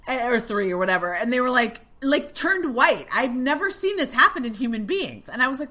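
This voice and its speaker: A middle-aged woman tells a story as a podcast guest, talking casually and with a lot of animation. She swears freely and acts out her younger self's lines. Her voice is bright and keeps rising and falling. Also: a little high, big pitch swings, brisk.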